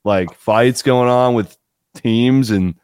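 A man co-hosting a sports podcast in relaxed, casual chat, swearing now and then. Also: medium pitch, takes it slowly, clear, resonant tone, no echo, clean studio sound. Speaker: podcast co-host.

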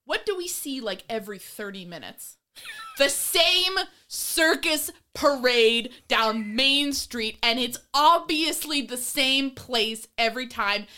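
A woman co-hosting a casual movie-review chat, ranting in an animated, exasperated way with swearing and mocking voices. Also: high voice. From of Irish descent. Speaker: podcast co-host.

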